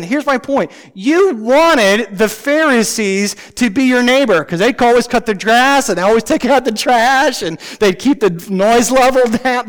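A man preaching a sermon as pastor, emphatic and full of rhetorical questions, swinging from loud declarations to hushed asides. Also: very high-pitched. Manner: talks to the congregation with rhetorical questions.

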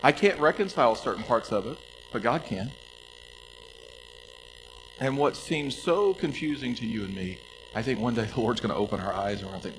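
A pastor preaching a sermon, stressing scripture slowly and dropping to soft appeals. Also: male voice, medium pitch, animated, background noise. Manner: emphatic, slows down to stress scripture, drops to soft pleas.

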